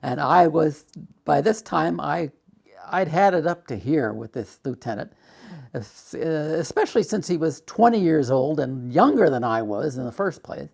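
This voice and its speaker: A man's voice: fairly high pitch, expressive, moderate pace, vocal fry, darkish tone, breathy edge. An older man recounting a memory from his past, rambling with frequent fillers and acting out the quoted exchanges. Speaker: artist telling his life story. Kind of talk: spoken recollection.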